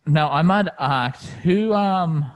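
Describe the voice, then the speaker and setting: A man with an Australian accent, co-hosting a podcast in easygoing, halting casual chat. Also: a little high. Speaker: podcast co-host.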